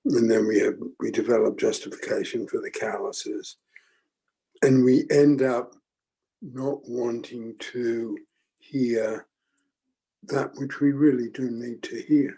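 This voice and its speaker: An older man talks slowly and thoughtfully to a group, with frequent pauses and restarts. His voice is gravelly and husky, with a dark, mellow tone. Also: medium pitch, fairly even intonation, poor audio. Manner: slow, halting, with many ums and restarts. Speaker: teacher leading a forum. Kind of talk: reflective group teaching talk.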